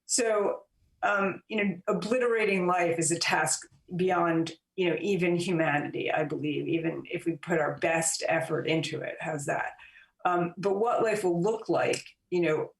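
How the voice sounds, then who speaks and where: A woman author and journalist, a guest in an interview, giving long, measured explanations with frequent fillers. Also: on the low side, gravelly. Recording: roomy and distant from the mic.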